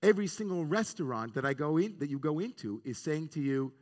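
A man's voice: fairly high pitch, lively intonation, a little fast, hardly any pauses. A man, a rabbi, giving an earnest, reflective sermon on the weekly Torah portion and weaving in Hebrew terms. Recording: long reverb of a large hall.

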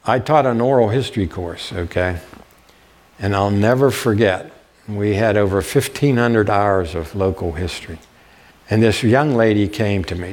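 Speaking in a fairly low, darkish voice, an older lecturer presents history to the public with slides in a warm room. He spins folksy stories and keeps checking with the audience, asking "okay?"

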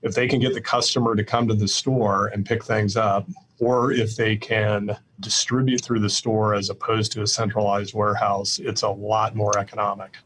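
Speaking with little pitch movement, an older Midwestern man from Iowa, a real estate executive, responds to podcast interview questions plainly and deliberately, often using fillers. His voice is on the low side with a fairly bright tone, captured in a rough recording.

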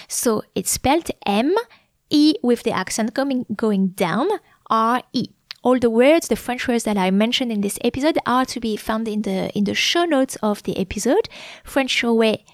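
A woman's voice: on the high side, dry recording, clean studio sound. A woman hosting a podcast pronunciation lesson, explaining patiently step by step and spelling out letters, with frequent fillers. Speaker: French teacher and podcast host. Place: Melbourne, Australia.

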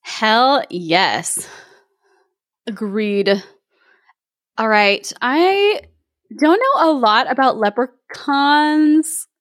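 Slow-talking, laughing podcast woman. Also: fairly high pitch, expressive, no echo, clean studio sound. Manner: laughing, enthusiastic, swears casually. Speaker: podcast co-host, listener. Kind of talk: casual chat.

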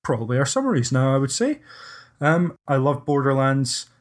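A man's voice: mid-range voice, very animated, normal speed. A man hosting a casual podcast discussion, hesitant and often restarting his sentences. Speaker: podcast host.

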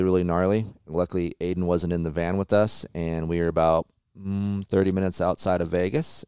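A man with a low, smooth voice tells a story in an easygoing, profane way. The sound is close and dry, with no room around it. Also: darkish tone, no echo. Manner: laid-back storytelling with frequent swearing. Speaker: podcast host. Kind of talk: casual chat.

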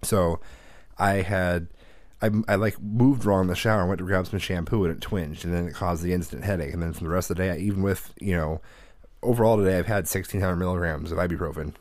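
A man with a lowish voice talks in a casual, rambling way. He swears freely and acts out what others said while telling his stories. The sound is dry and close, with no room echo. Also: steady tone, fast talker. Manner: profane, rambling storyteller who acts out quotes. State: suffering from a headache. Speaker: podcast co-host and father. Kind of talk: casual chat.

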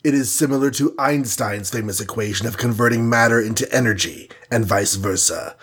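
Reading from a storybook, a man with a mid-range, slightly rough and a bit bright voice speaks fairly quickly as a scheming alien villain from the future. The character is a sneering time-traveler who sounds smug, condescending and bland, dropping in foreign words here and there.

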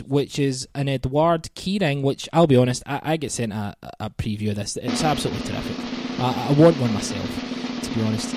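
A man's voice: mid-range voice, lively intonation, normal speed, few pauses, noisy background. A man hosting a football podcast in a casual, chatty way, with lots of ums and restarts. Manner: chatty, self-deprecating, many ums and restarts. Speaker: podcast host.

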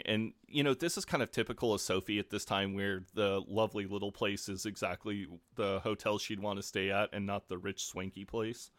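Easygoing male podcast co-host, low voice, relaxed chat. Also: moderate pace, no echo. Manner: easygoing, laughs readily. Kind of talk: casual chat recapping a TV episode.

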